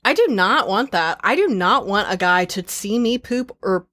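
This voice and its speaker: A young woman hosts a casual chat and reads listener stories aloud. She talks bluntly and crudely, with lots of energy. Her voice sits at an ordinary middle pitch. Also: moderate pace. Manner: lively, blunt and crude, laughs easily. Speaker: host reading listener stories.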